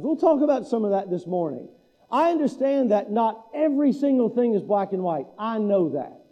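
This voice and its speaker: A man's voice: very high-pitched, mellow, muffled recording. A man pastor delivering a sermon in a conversational, self-deprecating preaching manner.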